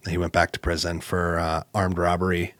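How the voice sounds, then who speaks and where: A man co-hosting a podcast, telling a personal story in a casual, animated way with lots of fillers. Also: moderate pace, no room sound. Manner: animated, acts out quoted exchanges with jumps in pitch; conversational, with many fillers and restarts. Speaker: podcast co-host.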